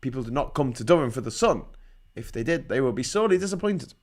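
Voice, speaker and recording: A man's voice: medium pitch, lively intonation, fast. A middle-aged man from England hosting a casual livestream, reading out viewer comments and ranting sarcastically with frequent swearing. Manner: sarcastic, swears freely, laughs at own jokes. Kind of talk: casual ranting live chat.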